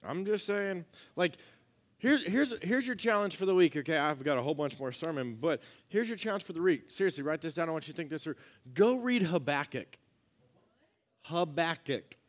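A man's voice: a little high, animated, fast talker. A young man preaching a casual, joking sermon in a church, talking to his congregation like friends and acting out little quotes. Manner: joking, conversational, acts out quotes. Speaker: pastor.

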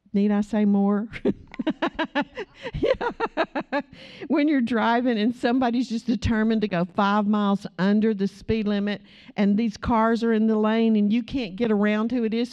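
A woman's voice: fairly high pitch, warm tone, highs cut off. Chatty woman teaching a church class. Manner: chatty, laughing, asks the group questions. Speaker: Bible study teacher. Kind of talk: church teaching with personal stories.

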